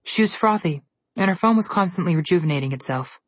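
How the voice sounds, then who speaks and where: A woman reads a fantasy storybook aloud at a steady storytelling pace. Her voice is lowish and a little breathy. It is recorded dry and close with no room sound. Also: fast talker, dry recording. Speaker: narrator. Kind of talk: storybook reading.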